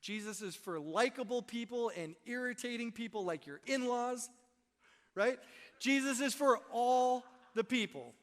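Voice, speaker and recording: A man's voice: extremely high pitch, lively intonation, a little slow, fairly bright tone. A young man preaching a Christmas Eve sermon in a church, conversational and self-deprecating, often checking in with "right?". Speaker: pastor. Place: church sanctuary. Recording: long hall reverb.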